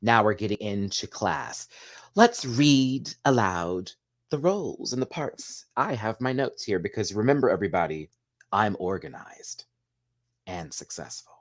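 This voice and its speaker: A man's voice: on the low side, very animated, measured pace. A man hosting a casual show recap, chatty and gossipy, laughing often as he talks. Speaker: host.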